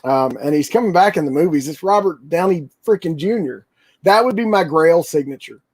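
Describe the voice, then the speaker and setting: A man hosting a casual livestream, talking in a rambling, excitable way with lots of fillers. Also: a little high, normal speed, husky. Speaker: toy channel livestream host.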